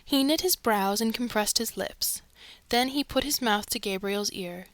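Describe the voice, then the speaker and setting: A woman reading an audiobook narration in a steady, expressive way. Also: fairly high pitch, measured pace, no room sound.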